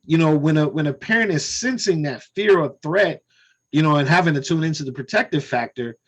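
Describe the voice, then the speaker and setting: Man, slightly higher voice, reflective and loose, "you know" between thoughts, heard over a video call. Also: fairly quick, breathy edge, muffled recording. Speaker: discussion participant. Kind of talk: casual group conversation.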